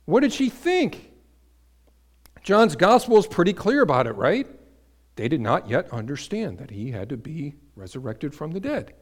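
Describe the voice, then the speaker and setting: A man preaching a sermon to a congregation, building to emphatic peaks and dropping to quiet asides, asking the listeners questions. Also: a little high, moderate pace. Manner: energetic, rises to emphatic peaks then drops to quiet asides. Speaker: pastor.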